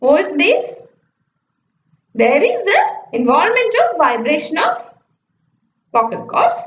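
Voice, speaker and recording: A woman teaches at an unhurried pace. Her high voice rises and falls a lot as she explains each point. The sound is roomy and slightly muffled, like a lo-fi classroom recording. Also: wildly swooping pitch. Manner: explains step by step, often saying "okay". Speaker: lecturer. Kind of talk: slide-based phonetics lecture. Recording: echoey, dull lo-fi room recording.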